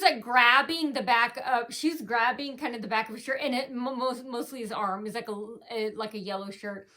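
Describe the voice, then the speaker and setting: A woman vlogger telling a long rambling personal account, halting, with many fillers and restarts, her sentences often trailing off quietly. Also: a little high.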